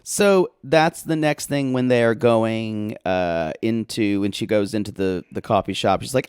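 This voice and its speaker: A man's voice: fairly low pitch, a little slow, few pauses, darkish tone, clean tone, no echo. A man co-hosting a podcast, recapping a reality show in casual chat with dry, wry asides. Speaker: podcast co-host.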